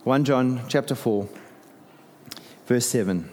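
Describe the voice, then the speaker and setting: A middle-aged male pastor preaching in an easygoing, conversational way, with animated turns and wry asides. His voice is mellow and sits a little high. The sound rings with a long hall reverb. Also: moderate pace. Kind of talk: sermon.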